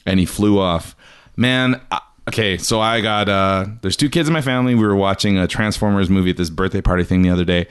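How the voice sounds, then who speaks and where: A man's voice: lowish voice, fairly even intonation, a little fast, clear, resonant tone. A man hosting a podcast, telling a story in casual chat and acting out jokey quotes. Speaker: podcast host.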